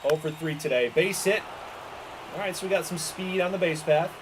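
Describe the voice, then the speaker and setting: A man's voice: on the high side, normal speed, noisy background. A man calling a baseball video game play by play, exasperated and swearing as his team loses. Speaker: gaming streamer calling the game.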